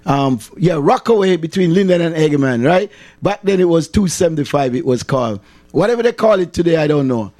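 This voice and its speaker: A man with a Jamaican accent and a fairly high voice, speaking in a casual livestream monologue. He is a middle-aged chaplain who repeats key phrases for emphasis and drifts into patois as he talks. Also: expressive, a little fast, a little mellow. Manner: repetitive, emphatic, slips into patois.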